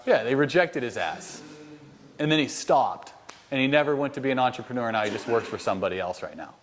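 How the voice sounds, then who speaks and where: American man, mid-pitched, as a profane, high-energy sales coach rallying trainees indoors. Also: brisk, a little hiss or hum. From United States. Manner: blunt, profane and animated storytelling. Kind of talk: motivational sales training talk. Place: inside a house, addressing a group of trainees.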